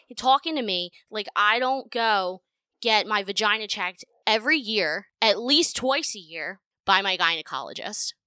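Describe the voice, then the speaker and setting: A young adult woman hosting her own podcast, talking in a blunt, profane and animated way with frequent laughter. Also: mid-range voice, normal speed, clean tone, no room sound. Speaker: podcast host. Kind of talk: casual solo podcast monologue. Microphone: home podcast microphone.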